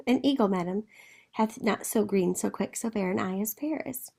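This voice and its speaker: A woman reading the lines of a practical older nurse giving blunt, persuasive advice, in a slightly gravelly voice. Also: mid-range voice, normal speed, dark tone.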